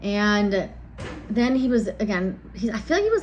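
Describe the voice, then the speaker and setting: A woman in her thirties chats through a storytime vlog at a middling pitch, blunt and a little exasperated. She rambles, stops to ask herself what she means, and picks the thread back up. A faint hum of the room sits under her voice. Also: big pitch swings, moderate pace, a little mellow, highs cut off. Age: 30s. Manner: rambling, frank, loses her train of thought. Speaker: vlogger. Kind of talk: casual storytime chat.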